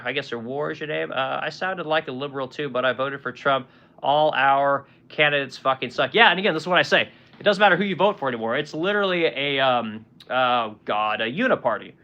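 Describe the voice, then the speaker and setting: Fast-talking, profane man in his forties. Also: fairly high pitch, bright, forceful tone, highs cut off. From United States. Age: 40s. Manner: blunt, profane, rambling with fillers and rhetorical questions. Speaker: livestream host reading chat comments. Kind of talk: casual political rant.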